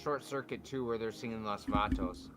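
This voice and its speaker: A man's voice: fairly low pitch, moderate pace, music in the background. A man in casual joking podcast chat, making dry quips.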